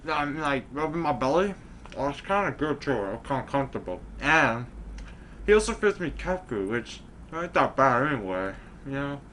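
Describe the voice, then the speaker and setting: A goofy, easygoing best friend, played by a man rambles casually in a mid-pitched voice. Faint ambient noise sits behind him. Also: very animated, normal speed, fairly bright tone.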